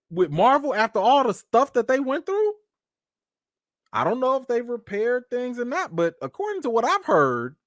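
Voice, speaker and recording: A man's voice: extremely high pitch, a bit bright, no echo, studio quality. A man giving casual live-stream commentary, emphatic and slangy, firing off rhetorical questions.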